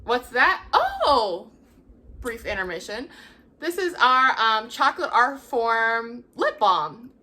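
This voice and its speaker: Bright-voiced young woman telling a story. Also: fairly high pitch, sing-song, takes it slowly. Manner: chatty, laughs often, acts out quoted voices. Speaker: vlog host. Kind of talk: casual storytelling.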